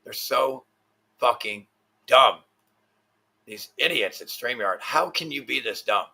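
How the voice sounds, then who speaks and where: A man rants on his own livestream, cursing constantly as he rambles in frustration. His voice has a rough, husky grain but a bright, sharp edge to it. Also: mid-range voice, expressive, slow pace. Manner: angry, swearing, frustrated rambling. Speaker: livestream host. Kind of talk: profane ranting livestream.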